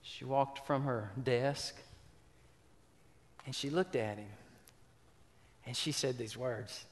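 A man's voice: medium pitch, slow. A man preaching a sermon, telling a story with repeated words and questions to the congregation. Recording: reverberant hall.

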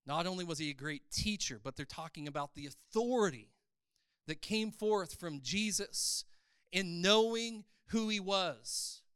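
A man preaching an animated sermon in a church service, building to loud, emphatic passages. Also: high-pitched, measured pace, clean tone, dry recording, studio quality. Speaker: pastor.

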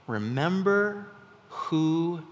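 A man voicing a noble lion king advising his son, hushed and solemn. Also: a little high, lively intonation, extremely slow. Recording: long reverb from a large hall.

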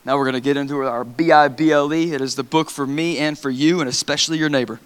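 A man's voice: on the high side, fairly even intonation, fast talker, smooth. A man preaching in a large church hall, reading scripture dramatically with playful asides. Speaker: pastor.

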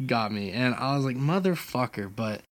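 A man co-hosting a casual gaming podcast from his apartment, telling stories with lively swearing and restarts. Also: mid-range voice, normal speed, no room sound. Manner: animated storytelling, frequent swearing. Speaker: podcast co-host. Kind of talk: casual chat.

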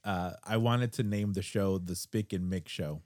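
A man's voice: low voice, fairly even intonation, moderate pace, darkish tone. A young man with a Chicago accent hosting a podcast, chatting casually and telling jokey stories with frequent laughter. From United States. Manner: jokey storyteller, laughs often. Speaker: podcast host. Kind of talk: casual chat.

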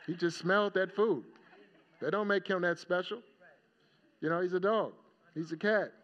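A man's voice: sits high, moderate pace. A male pastor giving a sermon in a casual storytelling manner, often checking in with the congregation. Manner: conversational storytelling, checking in with "right?". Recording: dull lo-fi recording.

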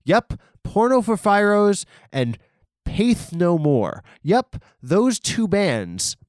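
Male comic, digressive monologue, animated delivery, dead-dry mic. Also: takes it slowly, dry recording. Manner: digressive, rambling, mock arguments with himself; bursts into loud high sung shouts. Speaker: comedian. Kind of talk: rambling comedic monologue.

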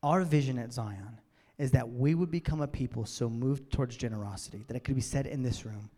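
A man preaching a sermon as a pastor in a church, swinging from loud emphatic bursts to near-whispers. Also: medium pitch, brisk. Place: church sanctuary. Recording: long church-hall reverb.

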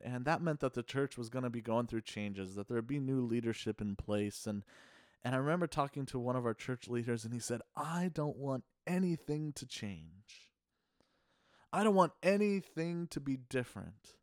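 A middle-aged man preaching a sermon in an earnest, measured way, asking the congregation rhetorical questions. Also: mid-range voice, steady tone, clear, resonant tone, dry recording, clean studio sound. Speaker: pastor.

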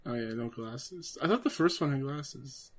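A man's voice: medium pitch, animated, moderate pace. Guy watching a scary movie with a friend, teasing, laughing a lot. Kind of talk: casual chat reacting to a horror film.

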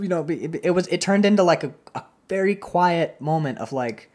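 Low-voiced woman in animated film chat. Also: brisk, few pauses. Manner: animated, profane, acts out quoted lines. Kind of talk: casual film discussion.

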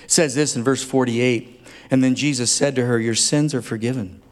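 A man's voice: medium pitch, fairly even intonation, moderate pace. A man preaching a sermon as a pastor, speaking earnestly and tenderly, building at times to fervent emphasis. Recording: long hall reverb.

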